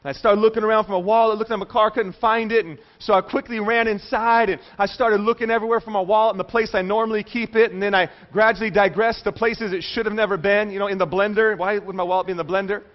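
High-voiced man preaching, dull lo-fi sound. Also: fast talker, few pauses. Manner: animated storytelling with call-and-response asides to the congregation. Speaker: pastor. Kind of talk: sermon. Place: church service before a congregation.

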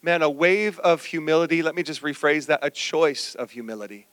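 A male pastor preaching a sermon, telling a personal story with animated, acted-out quotes. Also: a little high, fairly quick, dry recording.

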